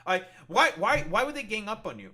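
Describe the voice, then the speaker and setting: A man's voice: high-pitched, big pitch swings, fairly quick, pushed and bright. A man hosting a casual reaction show, mocking a video in a profane rant. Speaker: podcast host reacting to videos.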